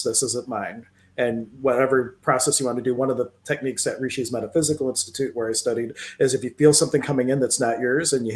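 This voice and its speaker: A man co-hosting a relaxed online talk, with a voice of middling pitch. He explains energy healing calmly and steadily, using spiritual terms. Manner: calm explainer who uses spiritual terms. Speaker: co-host, energy healer. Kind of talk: casual livestream conversation.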